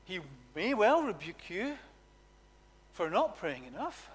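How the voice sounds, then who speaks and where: A man preaching a sermon, animated and emphatic, repeating words for effect. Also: high voice, slow, slightly rough, in a large hall. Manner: animated, emphatic, with dramatic repetition.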